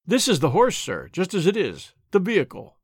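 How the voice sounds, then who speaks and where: A man's voice: high-pitched, wildly swooping pitch, normal speed, slightly rough, no echo, clean studio sound, full character voice. A man voicing a polite, earnest young man speaking formally to officers. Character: polite, quick-witted young male cyclist.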